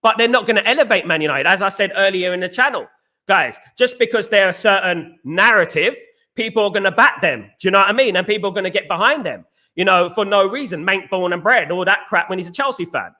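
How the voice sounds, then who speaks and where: Man, British, live-stream host, casual chat, high voice, emphatic, repeats himself. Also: lively intonation, fast, pushed and bright. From Britain. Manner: emphatic, repetitive, reads viewer comments aloud.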